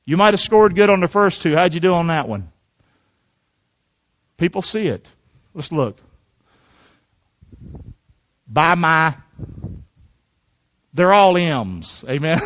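A middle-aged pastor delivers a sermon in a high-pitched male voice, drawing the congregation in with questions and calls for agreement. The recording sounds muffled and lo-fi. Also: very animated, normal speed, pauses often, fairly bright tone. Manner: call-and-response preaching with frequent "amen?".

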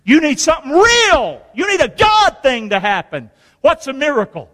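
A man preaching a sermon in a church, leading call-and-response and swinging from hushed lines to shouts. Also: extremely high pitch, wildly swooping pitch, moderate pace. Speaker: pastor. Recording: reverberant church hall.

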